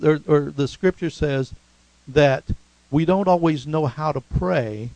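Conversational preacher, dry close sound. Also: male voice, a little high, gravelly, a little mellow, no room sound, poor audio. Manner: conversational, storytelling preaching with frequent "amen" and "you know"; humorous asides. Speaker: pastor. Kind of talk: sermon.

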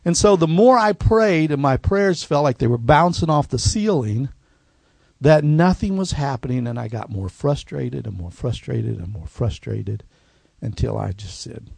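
A middle-aged man, a pastor telling his life story in a sermon, folksy and going quiet at the emotional parts. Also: mid-range voice, vocal fry, breathy edge, no echo. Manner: folksy storytelling, drops to a hushed voice at emotional points. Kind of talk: personal testimony sermon.

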